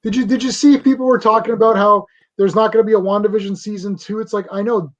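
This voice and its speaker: Eager podcast guy, higher voice, kinda muffled lo-fi audio. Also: fairly even intonation, quick pace. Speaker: podcast co-host. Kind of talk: casual chat.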